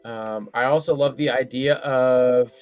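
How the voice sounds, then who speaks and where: A man's voice: medium pitch, fairly even intonation, a little slow, darkish tone, faint music behind. A man co-hosting a casual wrestling podcast, talking in a hesitant way with many fillers and restarts. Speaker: podcast co-host.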